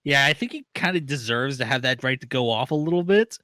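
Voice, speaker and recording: A man's voice: mid-range voice, lively intonation, fairly quick, sharp tone, dry recording. Laid-back man chatting about anime. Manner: laid-back, short agreeing replies. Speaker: podcast co-host. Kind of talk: casual anime recap chat.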